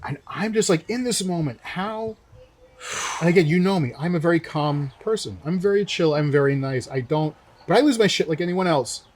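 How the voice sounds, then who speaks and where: A young man in casual conversation, telling a story with energy. His voice sits a bit high, and he acts out the lines of the people he quotes. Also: normal speed, a little hiss or hum. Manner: animated storyteller acting out quotes. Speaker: co-host. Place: winery.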